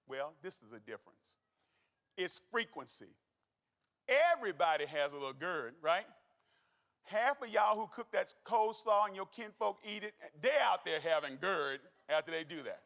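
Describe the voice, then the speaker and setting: A man's voice: high voice, moderate pace. A middle-aged man giving a folksy, joking health talk as a doctor to a live audience. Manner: folksy, animated, joking with the crowd. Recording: long hall reverb.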